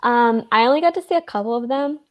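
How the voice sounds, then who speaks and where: A woman's voice: fairly high pitch, fast talker. An American woman talking in a casual online book club, enthusiastic and using frequent um fillers. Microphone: video call.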